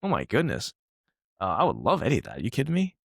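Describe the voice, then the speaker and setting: A man's voice: medium pitch, wildly swooping pitch, fast talker, gravelly, husky, dry recording, clean studio sound. A man co-hosting a fitness podcast in casual chat, rambling with lots of fillers and frequent laughs, originally from Taiwan. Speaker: fitness coach, podcast co-host.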